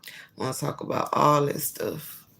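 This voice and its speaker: Over background noise, a woman with a low voice and vocal fry speaks at a moderate pace while hosting a Bible reading stream online. Her talk with viewers is casual and full of easy laughter before she shifts to reading scripture aloud, louder and more emphatic.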